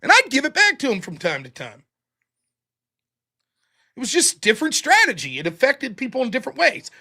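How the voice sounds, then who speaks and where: A man's voice: extremely high pitch, wildly swooping pitch, brisk, vocal fry, pushed and bright. A man hosting a livestream commentary show, talking bluntly and swearing freely. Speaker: host.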